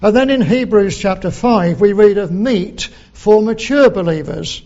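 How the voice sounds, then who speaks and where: A man preaching a sermon, slow and deliberate, quoting scripture in old English. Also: sits high, lively intonation, warm tone, lo-fi sound.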